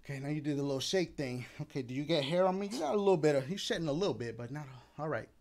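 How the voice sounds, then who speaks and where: A man's voice: a little high, animated, racing, darkish tone. A man in casual chat, talking to his viewers and his dog in a laid-back, rambling way with playful slang, a little out of breath. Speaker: gaming YouTuber.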